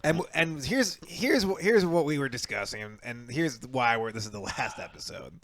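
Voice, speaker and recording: A man's voice: medium pitch, lively intonation, moderate pace, a bit bright, no echo. A man hosting a podcast in casual comedic banter, joking, swearing freely and laughing through his lines. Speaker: podcast host.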